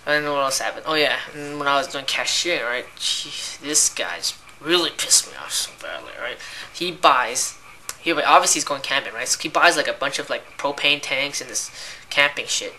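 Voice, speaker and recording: A woman's voice: a bass voice, moderate pace, sharp tone, slight background noise. A young woman who works as a cashier, ranting in a casual, rambling way about annoying customers and filling her talk with "like" and "right?". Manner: exasperated, rambling, heavy use of "like" and "right?".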